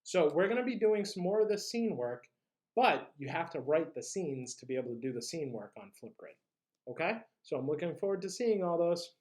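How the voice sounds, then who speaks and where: Teacher, drama lesson, vocal warm-ups, tongue twisters, upbeat. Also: medium pitch, lively intonation, brisk.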